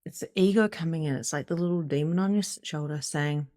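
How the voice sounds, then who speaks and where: A middle-aged woman giving an animated, casual motivational talk as a spiritual coach, swearing freely and acting out inner voices. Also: sits low, brisk, hardly any pauses, dry recording, clean studio sound. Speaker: psychic medium and spiritual coach.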